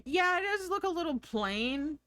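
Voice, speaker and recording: American woman streamer, chatty and giggly, animated voice, dry close sound. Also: very high voice, a little slow, no room sound. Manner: chatty, giggly, thinks aloud. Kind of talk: casual live-stream chat.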